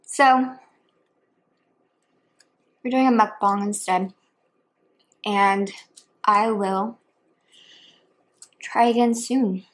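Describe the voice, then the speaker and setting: In a home eating video, a female mukbang vlogger with a mid-range, steady voice chats casually between bites, drawing out her words and pausing often.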